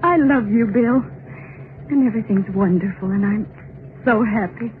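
An actress playing a giddy, tender young bride with a breathless, emotional delivery, in 1930s radio acting style. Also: female voice, medium pitch, normal speed, background noise, close to an everyday voice. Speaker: young newlywed wife. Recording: tinny old radio recording with music.

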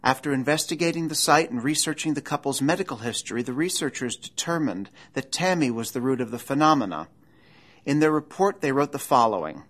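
A man narrates a documentary in a measured, dramatic manner. His delivery is scripted and deliberate, the kind that draws out suspense in a true mystery tale. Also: medium pitch, animated, a bit bright.

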